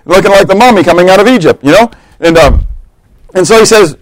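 A man preaching a lively, story-driven sermon. His voice sits a bit high and sounds close and dry. He jumps into different voices for the people in his stories. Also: normal speed, no room sound, low-quality recording. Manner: animated storytelling, acting out quotes, humorous asides.

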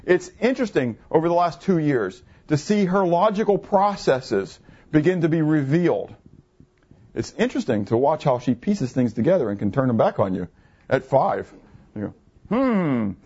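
A man in his fifties delivers a conversational sermon with a slightly higher voice than most men. He keeps throwing rhetorical questions at his listeners and answering them himself. The recording is muffled and lo-fi. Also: sing-song, brisk, a little mellow, breathy edge. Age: 50s. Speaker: pastor.

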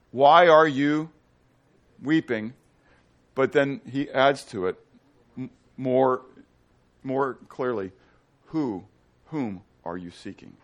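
Pastor guy preaching, higher voice, asks the crowd stuff, goes loud then real quiet. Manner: animated, asks the congregation questions; swings from loud to hushed. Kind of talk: sermon.

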